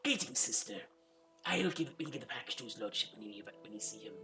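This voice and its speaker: A man putting on a quiet reptilian guard officer. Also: brisk, soft background music. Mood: calm. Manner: low, quiet and steady. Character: gruff male reptilian guard lieutenant.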